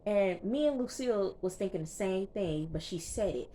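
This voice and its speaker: A woman reviewer recapping a TV episode in a casual, slangy, chatty way, tossing in quick asides as she goes. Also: medium pitch, lively intonation, warm tone, a little hiss or hum. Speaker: TV show reviewer.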